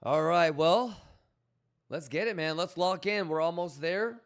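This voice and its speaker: A young man live-streaming in a loose, rambling way, chatting casually and shouting out viewers by name. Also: on the high side, a little slow, clear, resonant tone. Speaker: livestreamer.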